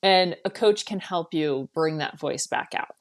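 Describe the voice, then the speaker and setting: Reassuring lower-voiced woman coach. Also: a little slow. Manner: reassuring, conversational. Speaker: parent coach. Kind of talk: casual podcast conversation.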